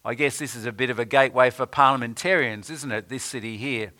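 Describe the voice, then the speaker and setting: A man preaching a sermon in an unhurried way, with many hesitant pauses, quoting scripture in old-fashioned wording. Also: medium pitch, bright, forceful tone.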